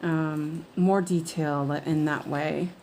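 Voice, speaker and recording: A woman's voice: sits low, steady tone, slow, darkish tone, a little hiss or hum. A woman hosting a cross-stitch livestream, chatting casually and rambling with many fillers and restarts. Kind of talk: casual chat while stitching.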